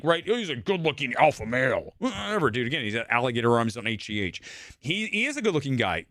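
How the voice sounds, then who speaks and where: A middle-aged man rants bluntly and profanely as he hosts a live movie-talk stream. His voice sits a little high and swings widely in pitch. The sound is dry and close. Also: dry recording. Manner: blunt, profane, animated ranting. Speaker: host.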